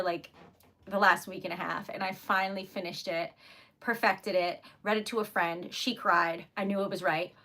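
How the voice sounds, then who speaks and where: A young woman who owns a typewriter shop hosts a casual livestream. Her voice is a little high, bright and forceful, and she's chatty and giggly, often laughing and apologizing.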